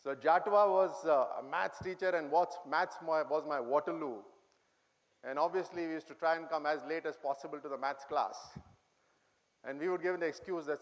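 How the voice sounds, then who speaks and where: A middle-aged Indian English-accented man, invited to speak to cadets in an auditorium, delivers humorous reminiscences and quizzes the crowd. His voice is a little high and his pace moderate.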